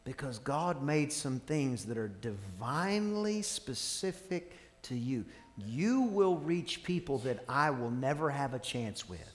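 A man, a pastor, preaching a sermon, telling stories with quoted dialogue and calling on the congregation to respond. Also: fairly high pitch. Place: church sanctuary. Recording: long reverb of a large church hall.

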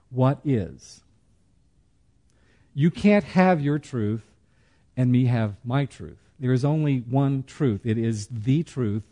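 A man with a mellow, medium-pitched voice teaches a church study class conversationally. He throws in joking asides and uses slow, emphatic pauses.

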